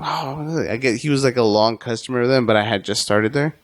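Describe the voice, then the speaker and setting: Animated storytelling man. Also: medium pitch, a little fast, no room sound. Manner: animated, swearing, acts out voices in anecdotes. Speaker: podcast guest. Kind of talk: casual storytelling.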